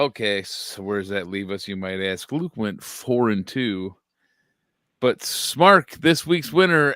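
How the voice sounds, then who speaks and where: A man's voice: fairly low pitch, a bit bright, smooth, dry recording. A man co-hosting a casual sports podcast, joking crudely as he reads out picks and fight results. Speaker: podcast co-host.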